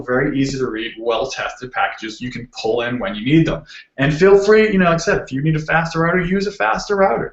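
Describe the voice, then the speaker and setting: A man with a Boston accent giving a casual, joking technical talk as a guest speaker, full of ums. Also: on the high side. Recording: roomy muffled video call audio.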